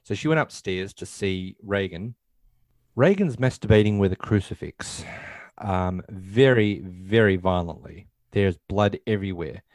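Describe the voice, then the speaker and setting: A man's voice: deep voice, unhurried, darkish tone, dry recording, clean studio sound. A man casually recapping a film scene by scene, rambling and acting out quotes in passing. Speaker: podcast host.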